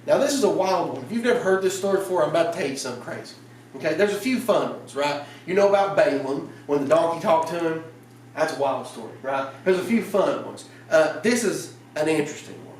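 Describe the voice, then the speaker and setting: A man preaching a casual evening sermon in a church, telling the story in a lively way and acting out the lines. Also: a little high, fast talker, slight background noise. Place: church sanctuary. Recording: roomy church sound from a distant mic.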